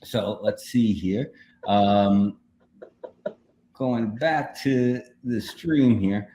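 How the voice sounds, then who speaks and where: A man's voice: fairly low pitch, very slow, mellow. A man casually telling a story on a livestream, rambling with many fillers while he clicks through slides. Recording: echoey room with faint noise.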